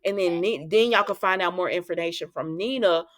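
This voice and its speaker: A woman's voice: fairly low pitch, fairly quick. A woman hosting a casual recap, chatty, retelling scenes and quoting the characters. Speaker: soap opera recap host.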